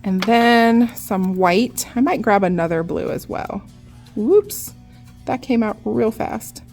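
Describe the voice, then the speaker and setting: Young woman walking through nail art, casual and chatty, soft music underneath. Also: mid-range voice, a little slow, gravelly. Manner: chatty, relaxed, lots of "like". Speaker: nail artist.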